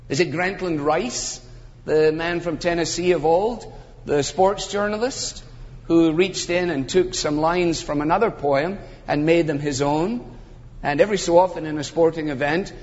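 Emphatic older preacher in a reverberant hall. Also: male voice, a little high, moderate pace. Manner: emphatic, builds to animated climaxes, wry humor. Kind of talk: expository sermon. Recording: muffled sound with long hall reverb.

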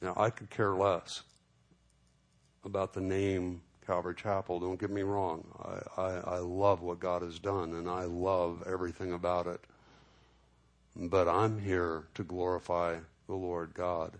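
Man, middle-aged, pastor, sermon, low-pitched, storytelling, acts out dialogue. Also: a little slow. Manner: storytelling, animated when acting out dialogue.

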